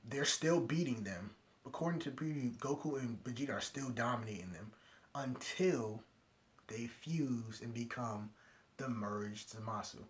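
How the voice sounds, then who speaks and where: A young man reviewing an anime episode in a casual, excited recap, retelling scenes and acting out the lines he quotes. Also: medium pitch.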